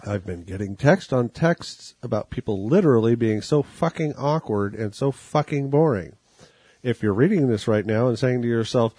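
A man's voice: medium pitch, lively intonation, normal speed, warm tone, breathy edge, no echo. A man performing a comic dramatic reading of an angry email, delivering it as a furious, profane rant. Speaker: reader.

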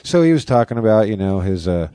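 A man's voice: fairly low pitch, sing-song, fast, mellow, smooth, dry recording. A man casually retelling a TV episode, laughing often and rambling. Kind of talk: casual chat.

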